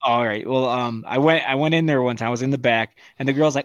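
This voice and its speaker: A man co-hosting a podcast in casual chat, animated and swearing often. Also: medium pitch. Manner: animated, swearing, quick to act out voices. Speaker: podcast co-host.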